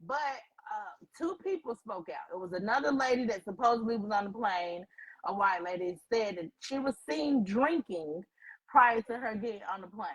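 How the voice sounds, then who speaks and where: Woman co-host, fairly high voice, animated and profane, casual chat to viewers. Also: moderate pace, breathy edge, low-quality recording.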